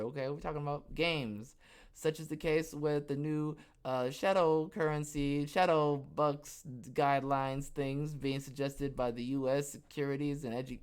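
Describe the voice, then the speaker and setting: A man hosts his own podcast alone, reading a news story aloud in a loose, rambling way. He keeps breaking off into jokes and "okay?" asides, and his voice jumps suddenly in pitch and loudness. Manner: jokey and rambling, with frequent "okay?" asides and self-interruptions. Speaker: podcast host.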